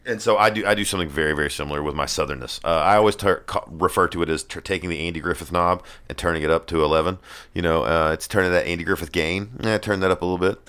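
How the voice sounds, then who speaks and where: A man's voice: low-pitched, racing, fairly bright tone, clean tone. A man in his forties with a Southern US accent, a comedian chatting casually and thoughtfully, with restarts and asides. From American South. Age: 40s. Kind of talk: casual conversation.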